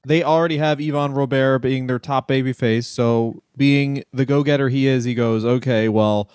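A man's voice: mid-range voice, fairly even intonation, moderate pace, a little mellow, smooth, no room sound. A man co-hosting a podcast in casual comedic chat, spinning absurd, profane riffs. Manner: profane, absurd riffs, laughs at his own bits. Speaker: podcast co-host.

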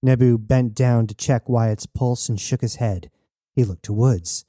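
A man narrating an audiobook in a steady, measured way, recorded close and dry. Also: medium pitch, dry recording.

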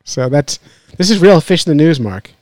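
A man's voice: fairly high pitch, very animated, normal speed, darkish tone. A man hosting a fishing podcast, chatting casually in a joking, rambling way and laughing often. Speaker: podcast host. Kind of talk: casual chat.

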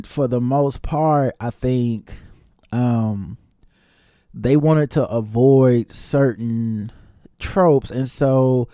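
Mellow-voiced man in rambling podcast chat. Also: mid-range voice, no room sound, studio quality. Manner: rambling and candid, with many fillers, restarts and casual swearing. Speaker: podcast host reviewing a film. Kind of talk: casual solo podcast chat.

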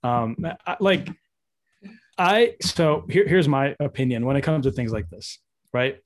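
A man's voice: mid-range voice, unhurried. A man hosting a podcast among friends, talking loosely with lots of fillers and teasing the others. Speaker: podcast host. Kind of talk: casual chat.

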